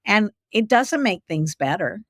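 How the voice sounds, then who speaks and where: A woman's voice: medium pitch, expressive, a little slow, dry recording, clean studio sound. A woman hosting an interview podcast, supportive and affirming, often murmuring agreement. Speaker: podcast host. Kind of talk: interview conversation.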